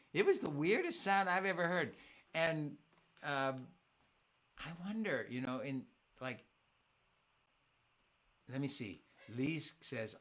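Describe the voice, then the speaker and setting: A man's voice: mid-range voice, fairly bright tone. A man hosting a live family concert, chatting playfully with his audience, telling stories and reading their comments aloud. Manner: playful, storytelling, reads viewer comments aloud. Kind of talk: casual chat with online audience.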